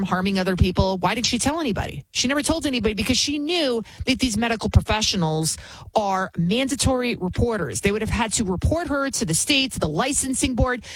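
Fired-up woman ranting on her show, bit raspy, no room echo. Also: mid-range voice, fairly bright tone. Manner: indignant, emphatic, repeats words for stress. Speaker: show host. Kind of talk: opinionated commentary show.

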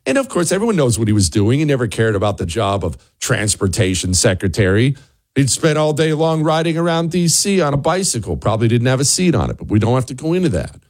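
Animated, sarcastic talk radio man. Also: medium pitch, quick pace, no echo, studio quality. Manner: sarcastic, mocking asides; emphatic, repeats words for punch. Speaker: radio talk show host. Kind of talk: opinionated talk radio monologue.

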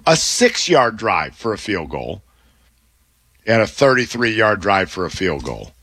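A man talks football on a sports radio show, dissecting plays with quick, animated analysis. His voice moves lively up and down in pitch. The studio sound is dry and close. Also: slightly rough, dry recording. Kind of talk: sports talk radio chat.

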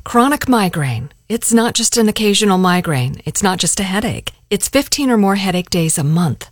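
A woman reading a radio advertisement in a measured, serious tone. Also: mid-range voice, expressive, no echo, clean studio sound. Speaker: ad announcer. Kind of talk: read radio ad.

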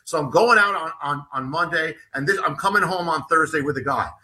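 Man, author guest, interview storytelling, rambling restarts, very bright tone, higher pitch. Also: brisk. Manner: rambling, with many restarts and repeated words. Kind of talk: telling a personal story in an interview.

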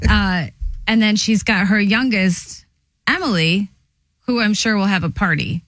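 A woman's voice: mid-range voice, a bit bright. Woman on a radio show, normal voice, teasing the guys. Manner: teasing, quick to poke fun. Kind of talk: casual radio banter.

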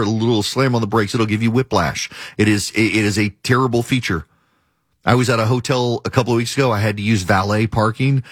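A man's voice: mid-range voice, breathy edge, dry recording, clean studio sound. A man hosting a talk radio show, delivering an emphatic, argumentative monologue and hammering his points home by repeating them. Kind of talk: opinionated monologue.

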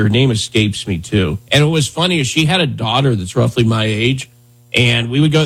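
A man's voice: mid-range voice, slightly rough. A male radio host talking casually in a rambling, conversational way with lots of fillers. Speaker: radio talk show host. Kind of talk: casual talk radio chat.

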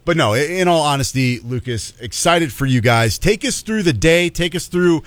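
A man's voice: fairly high pitch, expressive, normal speed, fairly bright tone, no echo. A young man hosting a casual sports radio show, rambling and restarting his sentences. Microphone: studio microphone.

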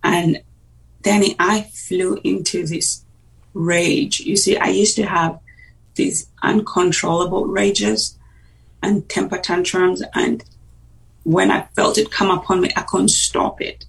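A woman gives her personal testimony as a radio interview guest, telling it earnestly and going hushed at the tense parts. Her voice is low and deeply gravelly with fry. She sits at some distance from the microphone. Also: steady tone, takes it slowly. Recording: voice distant from the mic.

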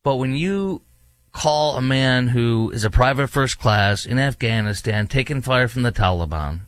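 A man's voice: medium pitch, expressive, measured pace, dry recording. A man hosting his own talk show, delivering a heated, emphatic opinion monologue with many fillers. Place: studio in a large US city.

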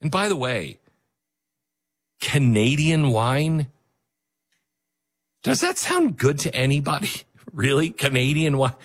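A man hosting a casual news commentary show, sarcastic and animated, laughing often. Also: on the high side, normal speed, slightly rough.

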